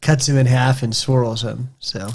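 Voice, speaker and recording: A man in a relaxed podcast conversation, chatting casually over a scotch tasting. He tells his stories with animated energy and rambles with restarts as he goes. His pitch sits in an ordinary middle range. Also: measured pace. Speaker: podcast co-host.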